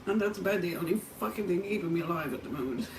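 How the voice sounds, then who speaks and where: A woman's voice: lowish voice, expressive, rapid-fire, far from the mic. A middle-aged Irish woman speaking in a raw, tearful monologue to camera from a motel room, swearing heavily and breaking into angry outbursts. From Ireland. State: tearful and distressed. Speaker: vlogger. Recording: roomy, off-mic with faint background hum.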